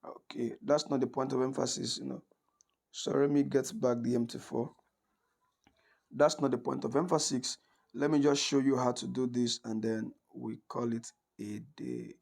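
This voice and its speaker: A man's voice: mid-range voice, fairly even intonation, normal speed, creaky, a little mellow. A man giving a screen-recorded trading tutorial, talking casually and checking in with listeners by asking "right?" and often restarting his sentences. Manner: conversational, checks in with frequent "right?"; restarts and corrects himself often. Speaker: forex trading instructor.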